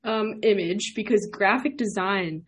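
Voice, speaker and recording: A young woman hosts a casual podcast, rambling happily and laughing often between her questions. Her voice sits at an ordinary pitch for a woman. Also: unhurried, husky. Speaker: podcast host. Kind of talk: casual interview chat.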